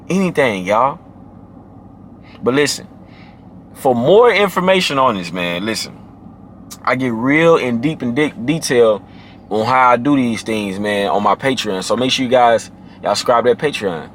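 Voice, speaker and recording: A man giving casual dating advice to camera, emphatic and slangy, who drops into a deep low voice to demonstrate. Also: expressive, moderate pace, pauses often, fairly bright tone, a little hiss or hum. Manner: emphatic and slangy, often adds "man" and "you feel me".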